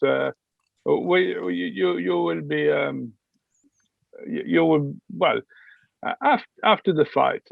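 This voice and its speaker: A man voicing a pompous, hesitant duke who speaks haltingly. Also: fairly high pitch, vocal fry, no echo, phone-quality sound, heavily acted. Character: pompous foreign-accented duke, male, middle-aged.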